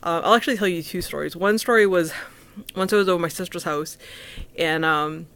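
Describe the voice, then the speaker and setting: A woman talking casually to the camera alone in her apartment, halting, with many restarts and fillers. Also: on the low side, a bit bright, clear, resonant tone. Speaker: vlogger. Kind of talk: casual personal talk to camera.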